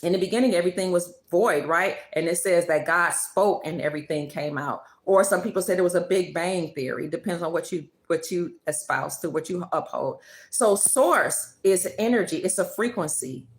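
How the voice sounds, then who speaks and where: A woman's voice: fairly low pitch, moderate pace. A woman hosting her own channel, giving an emphatic spiritual monologue full of repeated declarations. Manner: emphatic, declarative, preachy repetition. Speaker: channel host. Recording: roomy echo.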